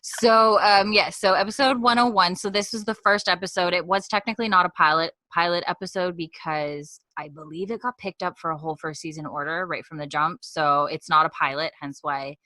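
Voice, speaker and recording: A woman's voice: lowish voice, steady tone, a little fast, hardly any pauses, pushed and bright, dry recording. A young woman co-hosting a podcast, recapping a TV episode in a rambling, chatty way with frequent laughs. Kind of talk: casual chat.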